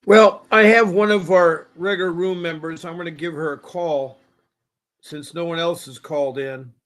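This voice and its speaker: A man's voice: a little high, fairly even intonation, normal speed, fairly bright tone. A man hosting a call-in show, talking in a rambling, folksy way and repeating himself. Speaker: show host. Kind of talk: casual call-in show talk.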